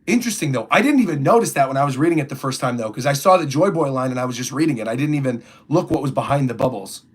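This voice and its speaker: A man's voice: mid-range voice, lively intonation, racing, husky. A young man chatting casually on a livestream, rambling through his thoughts and reading viewer comments aloud. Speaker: streamer reacting to a comic chapter.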